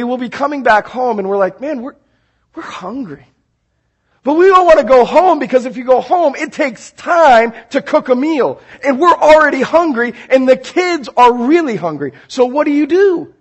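A man's voice: very high voice, slightly rough. A man preaching a sermon in a church sanctuary, telling everyday stories and acting out scenes as he goes. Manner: animated storytelling, acting out scenes. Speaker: pastor.

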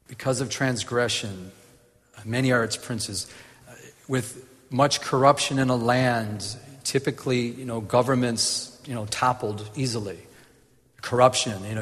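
Casual male Bible teacher, lively, stumbles and laughs, mid-pitch, echoing hall. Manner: animated, laughs at his own jokes, many restarts. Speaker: preacher.

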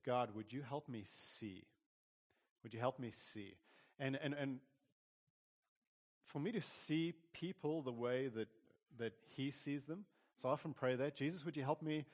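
A man preaching a sermon in an earnest, conversational way, often restarting his words. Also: medium pitch. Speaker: pastor. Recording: long hall reverb.

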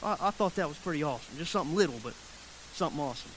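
A man with a high voice preaches a loose, conversational sermon. He repeats key phrases and keeps checking in with his listeners. A faint hiss runs under the recording. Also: animated, racing. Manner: conversational preaching that acts out the people in the story.

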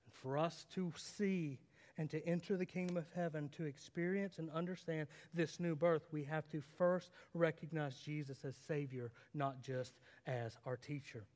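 A man preaching a sermon as a pastor, swinging from loud emphatic lines to low quiet ones and asking the congregation questions. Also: fairly even intonation, normal speed, big-room sound. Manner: dramatic, rising and falling intensity, rhetorical questions.

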